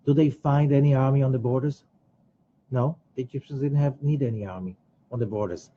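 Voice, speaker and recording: A man teaching a Kabbalah study class in an animated way, acting out quoted voices. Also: husky, highs cut off. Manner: animated, rising to emphatic high bursts; acts out quoted voices of other people. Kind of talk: religious study lecture.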